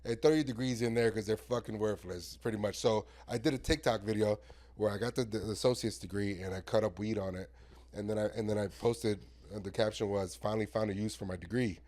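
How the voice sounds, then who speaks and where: A man's voice: lowish voice, a little fast, darkish tone. A man from Miami, a stand-up comedian guesting on a podcast, chatting in a loose, sarcastic, joking way. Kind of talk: casual podcast chat.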